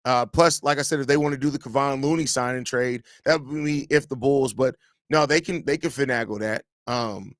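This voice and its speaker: Animated man hosting a live chat show. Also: mid-range voice, moderate pace, no room sound, clean studio sound. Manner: animated, teasing, talks straight to viewers. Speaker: podcast host.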